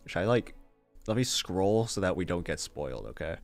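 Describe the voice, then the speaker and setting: A man's voice: sits low, fairly bright tone. A man streaming, reading fanfiction aloud in a casual way with amused, disbelieving asides and frequent laughter. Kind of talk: casual read-aloud with commentary.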